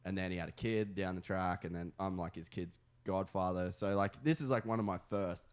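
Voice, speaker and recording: A man's voice: sits low, a little fast, clean tone. A man in his twenties with an Australian accent, chatting casually on a podcast, rambling with lots of fillers and frequent swearing. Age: 20s.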